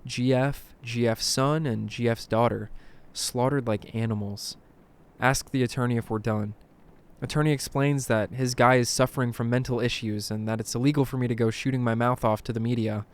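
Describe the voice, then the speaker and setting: A man reading creepy first-person stories aloud in a dramatic narration, dropping to a hush at tense moments. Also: mid-range voice, fairly even intonation, moderate pace. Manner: dramatic, hushed at tense moments, bursts of alarm. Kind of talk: scripted horror story narration.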